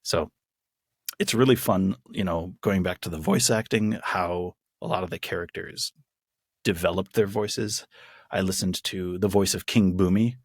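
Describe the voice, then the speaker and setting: A man's voice: sits low, steady tone, a little slow, dry recording, studio quality. A man co-hosting a podcast, chatting casually and enthusiastically with many restarts. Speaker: podcast co-host. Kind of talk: casual chat.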